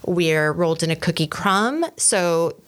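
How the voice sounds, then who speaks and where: An American woman speaks as a guest in a relaxed interview. Her voice sits on the low side, and she tells her story in a lively, chatty way, full of fillers and quick asides. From United States. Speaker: company founder guest. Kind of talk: casual interview chat.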